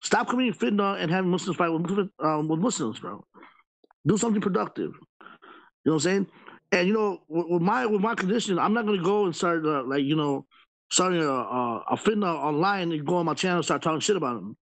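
A man's voice: high-pitched, animated, fairly quick, rough recording. A man hosting a live stream panel, venting at length in casual chat and filling his talk with "you know" and "bro".

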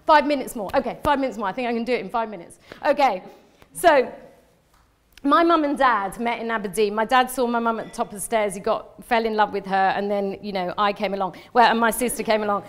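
A woman's voice: medium pitch, a little fast. Chatty, rambling woman giving a talk. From London, England. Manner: rambling, chatty, self-interrupting with frequent restarts; emotionally open, laughs often. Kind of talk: live lecture presenting slides.

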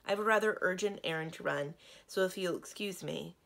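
A woman reading as a brisk, practical princess. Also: on the low side, creaky, fairly bright tone. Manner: brisk, demanding.

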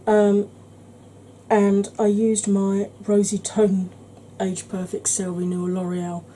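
A woman hosting a makeup tutorial, chatting in a rambling, conversational way and sometimes dropping into a soft whisper. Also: mid-range voice, monotone, takes it slowly, slight background noise, poor audio. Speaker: beauty channel host.

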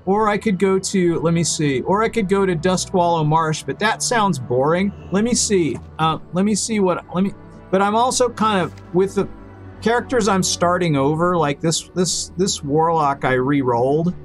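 A man live-streaming a game and talking with his viewers in a loose, rambling way, often stumbling and repeating words. His voice sits a little high for a man. Faint music plays behind him. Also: moderate pace. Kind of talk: casual live-stream chat while gaming.

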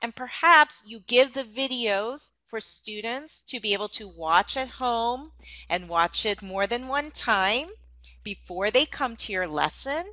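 A woman's voice: on the high side, expressive, measured pace, bright, forceful tone, no echo, poor audio. A woman demonstrating online teaching ideas for English teachers, explaining in an encouraging tone.

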